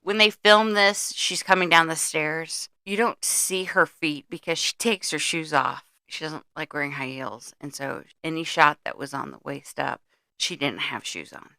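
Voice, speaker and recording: A woman's voice: low-pitched, moderate pace, bright, forceful tone, no room sound, studio quality. A middle-aged woman co-hosting a podcast, recapping a movie's plot in blunt casual chat and swearing freely. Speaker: podcast co-host.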